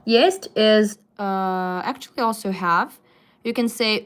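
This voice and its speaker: Slow-paced woman teaching on a live stream. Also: mid-range voice, clean tone. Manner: slow, patient explaining with frequent fillers. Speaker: Russian language teacher. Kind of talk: live-stream language lesson. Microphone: phone.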